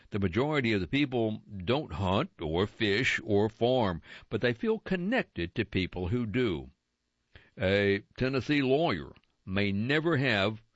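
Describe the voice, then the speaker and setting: Male reader, measured, on-air magazine reading, muffled lo-fi and dry. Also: medium pitch, no echo. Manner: measured, deliberate reading with slowed emphasis on key words. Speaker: radio reader of magazine articles. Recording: dull lo-fi dry broadcast sound.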